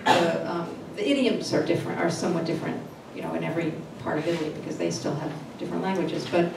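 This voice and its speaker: A woman translator answering panel questions in a halting way, with many fillers and restarts. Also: fairly low pitch, fairly even intonation, vocal fry. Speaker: literary translator. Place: literary event hall. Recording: echoey room, distant mic, noisy.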